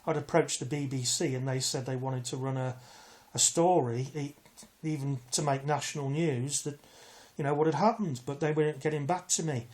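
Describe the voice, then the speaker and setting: A man's voice: on the high side, steady tone, moderate pace, a little mellow. A man, telling an aggrieved personal story in a rambling way, full of restarts and asides. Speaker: vlogger. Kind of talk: casual storytelling to camera.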